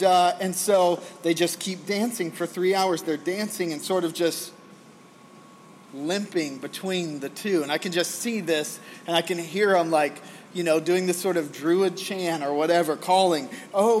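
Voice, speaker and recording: A man in his forties preaching a sermon, conversational with folksy asides, loudly acting out screaming crowds in his story. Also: sits high, measured pace, slight background noise. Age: 40s. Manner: animated, acts out the prophets' frantic screaming. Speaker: pastor.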